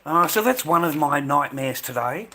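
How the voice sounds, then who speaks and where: A man's voice: fairly high pitch, animated, normal speed, sharp tone, slight background noise. Profane ranting Australian man. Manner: angry, profane, repeats himself, stumbles over words. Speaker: vlogger. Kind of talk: ranting monologue to camera.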